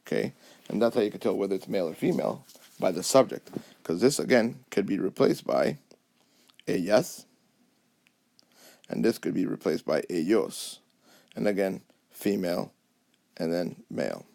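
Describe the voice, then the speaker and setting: A man with a fairly low voice and a gravelly edge of vocal fry explains Spanish adjectives over a whiteboard app. He talks patiently and keeps checking in with his students. He sounds like a teacher narrating a tablet lesson. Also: lively intonation, moderate pace, pauses often, a little mellow. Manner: patient, repeats "okay?" and "alrighty?" to check understanding. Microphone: tablet mic over whiteboard app.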